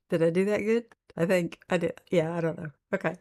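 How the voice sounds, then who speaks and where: A woman's voice: lowish voice, a little mellow. Chatty woman hosting a live stream. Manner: chatty, laughs often, reads viewer comments aloud. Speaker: livestream host reading chat. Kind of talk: casual live chat.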